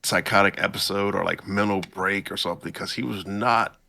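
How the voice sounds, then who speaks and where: A man hosting a podcast, casually recapping an anime episode in a laid-back, slangy way and jumping up in pitch to quote the characters. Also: steady tone, brisk, creaky, sharp tone. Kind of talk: casual chat.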